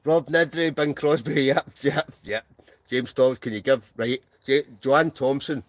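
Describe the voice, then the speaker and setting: Scottish host, mid-pitched, playful live-stream banter from a tent. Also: male voice, steady tone, measured pace, no echo. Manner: jokey, laughs often, reads names aloud. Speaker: wild camping channel host. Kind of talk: casual live-stream chat reading out comments. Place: inside a heated camping tent.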